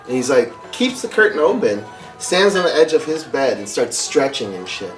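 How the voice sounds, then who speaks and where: A man's voice: fairly high pitch, big pitch swings, moderate pace, recorded from a distance. A man telling a long, profane story in casual chat, acting out the people he quotes. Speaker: podcast guest. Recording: roomy, off-mic with loud music behind.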